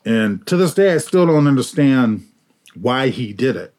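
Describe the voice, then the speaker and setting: Slow, measured man telling a story. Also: mid-range voice, sing-song, a little mellow. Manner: measured and reflective. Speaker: panel guest. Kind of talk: conversational storytelling.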